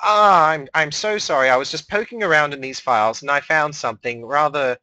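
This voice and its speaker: A man's voice: on the high side, brisk, sharp tone, no room sound. A man voicing a pompous, flustered male studio announcer who stammers and protests. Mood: apologetic.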